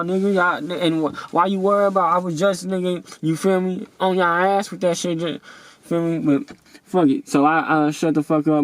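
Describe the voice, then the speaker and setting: A young man with a slightly high voice rambles through a heated, profane storytime rant, full of fillers. He talks close to the mic with a dry, dead sound. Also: no echo, rough recording. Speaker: vlogger.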